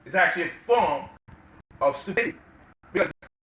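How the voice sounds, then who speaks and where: A man delivers an impassioned lecture-style talk, peppered with rhetorical questions and mocking quotes. His voice is bright and fairly high. He sounds some way from the mic in an echoey room. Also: animated, fairly quick, far from the mic, dull audio, slight background noise. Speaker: guest speaker.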